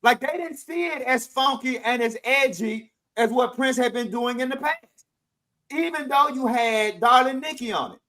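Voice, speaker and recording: Brief: middle-aged male podcast co-host with a high voice, forceful and insistent, stacking restarts as he argues. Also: moderate pace, poor audio. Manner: emphatic, animated, repeats words while building a point. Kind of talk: casual discussion.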